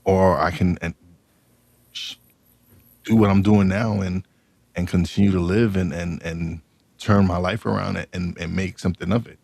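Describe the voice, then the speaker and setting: Guy hosting a podcast, real low voice, keeps stumbling and repeating himself, dry close sound. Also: fairly even intonation, creaky, darkish tone, no room sound. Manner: halting, repeats words often. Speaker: podcast host. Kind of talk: casual interview chat.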